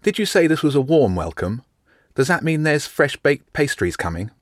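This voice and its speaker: A man's voice: fairly high pitch, sing-song, normal speed, no echo, voice pushed up. A blunt teenage schoolboy who speaks matter-of-factly, a little lifted, as a male narrator does him. The recording is close and dry.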